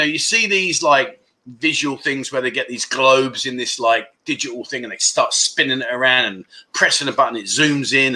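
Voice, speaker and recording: A middle-aged man hosting a casual livestream chat, rambling and joking as he reads out viewer comments with quick asides. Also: on the high side, sharp tone. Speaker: livestream host.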